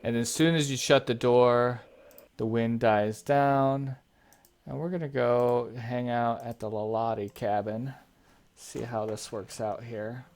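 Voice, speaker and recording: A male game master describes scenes for his players in an unhurried, halting way. His voice is smooth and resonant, with plenty of small fillers. The delivery stays even and plain. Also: mid-range voice. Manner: relaxed, halting narration with fillers. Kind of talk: narrating a tabletop game.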